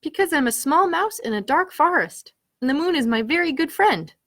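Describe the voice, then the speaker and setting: A woman doing a small gentle storybook mouse. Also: sits high, lively intonation, moderate pace, voice pushed up. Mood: tender. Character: small gentle forest mouse, shy and sweet.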